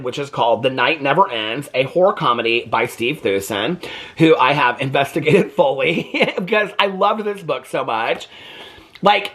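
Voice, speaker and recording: A man casually reviewing graphic novels on his book vlog, animated, laughing often and using lots of filler words. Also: mid-range voice, breathy edge. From United States.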